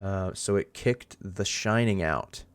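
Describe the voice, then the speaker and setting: A laid-back young man co-hosting a casual podcast, speaking evenly with frequent ums and uhs. His voice sits a little low. The recording is dry and close. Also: clear, resonant tone, dry recording. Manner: laid-back, even-toned, fills pauses with um and uh. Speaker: podcast co-host. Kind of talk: casual chat.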